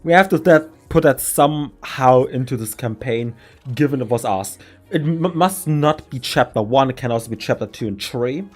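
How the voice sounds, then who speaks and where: A man's voice: medium pitch, lively intonation, normal speed, soft background music. German guy hosting a stream, rambly and giggly, mid voice. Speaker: game master and stream host. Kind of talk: casual stream chat, planning a campaign.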